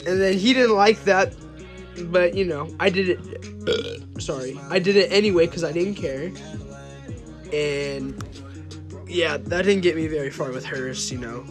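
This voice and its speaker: A young man, his voice a touch high and his pace moderate, casually rambles through a story laced with profanity. He leans on lots of fillers and keeps trailing off, while music plays in the background.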